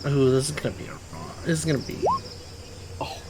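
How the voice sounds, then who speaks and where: A woman's voice: a bass voice, moderate pace, slight background noise. Eager woman tabletop player. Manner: eager, excitable. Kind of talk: casual tabletop game chat.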